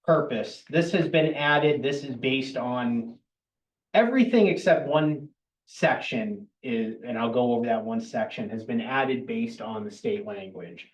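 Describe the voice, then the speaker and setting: A man at a town board meeting explains regulation updates in a plain, matter-of-fact way. He is mid-pitched. He sounds roomy and some distance from the microphone. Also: measured pace. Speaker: town planning staff presenting at a board meeting.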